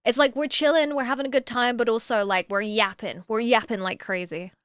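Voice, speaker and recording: A woman streaming casually to her chat, talkative and quick to swear. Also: on the high side, smooth, no echo, clean studio sound. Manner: chatty, swears freely, lively.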